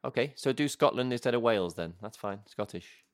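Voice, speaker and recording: A man's voice: medium pitch, lively intonation, fairly quick. A man co-hosting in upbeat, chatty banter. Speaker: co-host. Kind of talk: casual banter.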